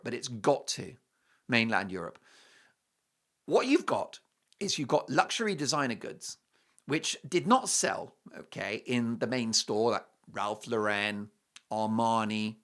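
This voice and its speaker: A man's voice: on the high side, sharp tone. A man hosting a talk show, giving jokey, emphatic commentary and reading an ad. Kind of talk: opinionated commentary with a read ad.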